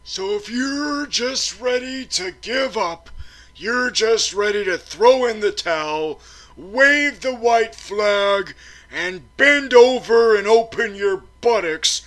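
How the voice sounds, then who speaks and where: A man's voice: high voice, expressive, slow, fairly bright tone. A man from Florida hosting a comedic film review skit, panicky and stammering as he rants.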